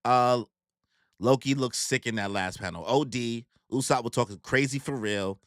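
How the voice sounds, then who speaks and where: A man's voice: mid-range voice, normal speed, a bit bright, no room sound, studio quality. A man giving live manga reaction commentary in a casual, slangy way with swearing.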